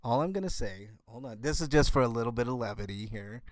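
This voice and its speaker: A man hosting a casual livestream from home, talking with his viewers in a halting way and often restarting his sentences. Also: medium pitch, expressive, no echo, studio quality. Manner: halting, restarts and repeats words. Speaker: livestream host. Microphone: computer setup.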